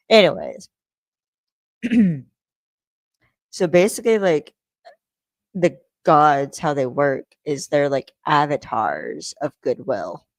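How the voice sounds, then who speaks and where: A woman with a low, deep voice hosts a laid-back solo podcast, rambling through her thoughts with plenty of fillers and casual swearing. Her voice sounds dry and close, with no room echo. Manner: rambling, profane, lots of "like" fillers. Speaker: podcast host.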